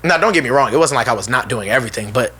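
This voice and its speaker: A man's voice: mid-range voice, expressive, rapid-fire, bright, forceful tone, slightly rough. A young man co-hosting a podcast, telling a school story in casual slang and laughing often. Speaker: podcast co-host.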